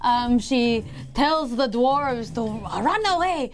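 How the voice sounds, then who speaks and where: Slow, higher-voiced woman playing a game. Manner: counts out moves, animated. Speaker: player. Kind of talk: describing her character's actions in a tabletop game. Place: studio.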